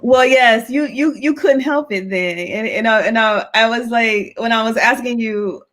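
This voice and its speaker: A woman's voice: on the high side, moderate pace, a bit bright. A woman hosting an interview show, talking in a thoughtful, casual way with frequent fillers. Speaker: host.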